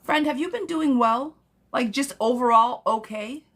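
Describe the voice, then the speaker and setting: Sassy blunt woman reading tarot live. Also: a little slow. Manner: blunt, sassy, addresses viewers as girlfriend; bursts into high excited gushing. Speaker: tarot reader hosting a live stream.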